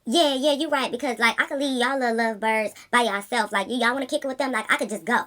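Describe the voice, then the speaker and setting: A woman acting out a jealous, tipsy young woman friend in a high mocking whine. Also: fast talker, a bit bright, close to an everyday voice. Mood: sulky. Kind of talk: storytime reenactment.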